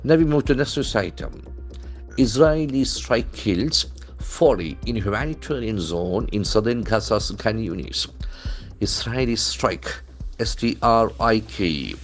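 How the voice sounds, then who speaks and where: Speaking a little slowly and in an animated way, a man with a fairly low pitch teaches English from the newspaper as soft music plays. This language trainer spells every word letter by letter, carefully explaining its pronunciation and meaning.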